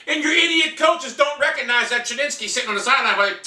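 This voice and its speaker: A man's voice: very high voice, expressive, quick pace, sharp tone, far from the mic. A man ranting angrily and profanely as a sports fan, venting at length in a room at home. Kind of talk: angry fan rant. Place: room in a house. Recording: echoey room, off-mic.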